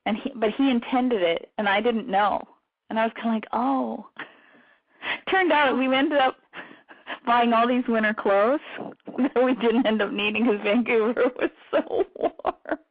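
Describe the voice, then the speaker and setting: A woman radio show host chatting casually, telling stories quickly with frequent laughs. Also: on the high side. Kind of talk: casual chat. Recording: tinny phone-line radio audio.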